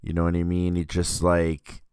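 A man's voice: sits low, completely flat delivery, normal speed, darkish tone, clear, resonant tone, no echo. A man hosting a podcast, chatting casually about a film in a rambling way, full of fillers and self-corrections. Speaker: podcast host reviewing a film. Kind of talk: casual film review chat.

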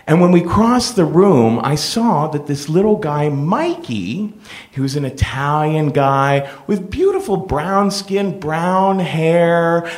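A middle-aged man hosting a podcast, telling a personal story in a playful, animated way. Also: fairly high pitch. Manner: animated, playful, full of impressions. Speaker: podcast host.

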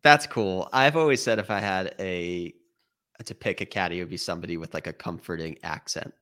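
A fairly low male voice on a casual golf-betting podcast. He muses in a wry, easygoing manner. His thoughts unspool unhurriedly. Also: a little fast, a bit bright. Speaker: podcast co-host. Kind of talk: casual sports-betting chat.

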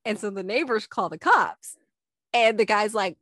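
A young woman co-hosting a chatty podcast, telling funny stories in a giggly, animated way. Her voice sits in a middling register and sounds close and dry, with almost no room around it. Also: medium pitch, moderate pace, no echo. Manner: giggly, animated storyteller acting out quotes. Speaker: podcast co-host. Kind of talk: casual chat, reading listener stories.

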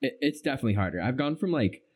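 A man's voice: medium pitch, expressive, rapid-fire, a little mellow, slightly rough. A young man co-hosting a podcast in casual chat, rambling through stories and acting out his own reactions. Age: young adult. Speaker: podcast co-host.

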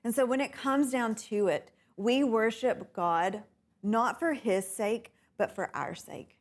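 A woman teaching a bible class, unhurried and often laughing with her students. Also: fairly high pitch. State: tickle in throat, coughing.

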